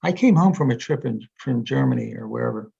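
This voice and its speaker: Gravelly older man telling long stories. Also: medium pitch, lively intonation, brisk, dark tone. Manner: rambling anecdotes with many fillers and restarts. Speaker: interview guest, energy psychology author. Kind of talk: casual storytelling in conversation. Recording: dull lo-fi sound.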